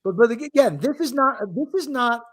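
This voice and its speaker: A man's voice: very high-pitched, lively intonation, normal speed, a bit bright. A man hosting a podcast, giving sardonic, rambling commentary with frequent restarts. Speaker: podcast host. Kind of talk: casual commentary chat.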